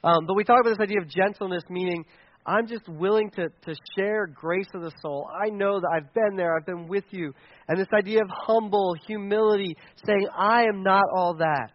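High-voiced male pastor preaching playfully. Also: fairly quick, dull audio. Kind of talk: sermon.

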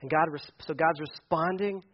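A man preaching a casual sermon as pastor, animated and conversational, acting out quotes. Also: on the high side, moderate pace, husky, lo-fi sound.

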